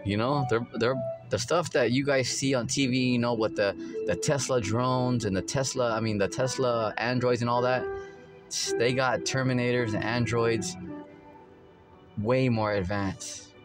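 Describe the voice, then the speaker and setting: A man's voice: mid-range voice, fairly even intonation, normal speed. Guy preaching loose and rambly, lots of "you know", music playing behind him. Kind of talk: informal religious teaching.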